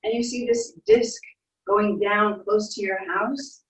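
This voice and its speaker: A woman leading children through a guided imagination story, in a soft, playful storytelling way with little sound effects. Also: medium pitch, fairly even intonation, takes it slowly. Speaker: instructor leading a guided visualization. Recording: echoey room, distant from mic.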